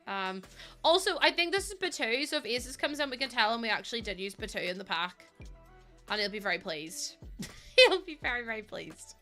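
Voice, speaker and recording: Young woman, game streamer, bubbly rambling chat, bright tone, soft music underneath. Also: medium pitch. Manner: chatty, rambling, many ums and fillers; bubbly, greets chat warmly. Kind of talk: casual live-stream chat.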